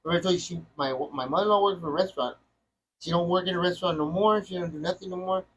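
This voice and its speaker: A man's voice: high voice, rapid-fire, fairly bright tone, a little hiss or hum, low-quality recording. A middle-aged man hosting a podcast, telling a story in casual chat and rambling with many restarts. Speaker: podcast host.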